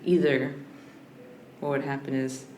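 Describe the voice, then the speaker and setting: In a roomy recording with a faint hiss behind it, a female podcast guest, who studies language, speaks in a reflective, searching manner with many restarts. Her pitch is extremely low, her tone level, her pace a little slow, and her sound slightly mellow. The exchange is a reflective conversational interview.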